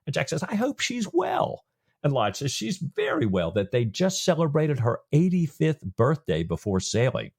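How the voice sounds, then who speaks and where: A man's voice: mid-range voice, normal speed, gravelly, hardly any pauses. A man co-hosting a podcast, retelling a novel's chapter in casual chat and acting out its lines. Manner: animated storytelling with quoted lines. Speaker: podcast co-host.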